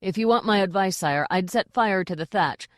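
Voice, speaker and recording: A woman's voice: mid-range voice, normal speed, no echo, clean studio sound, lightly acted. A woman voicing a blustering, over-zealous male castle sergeant in an audiobook. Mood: eager. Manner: loud, dim-witted, over-zealous.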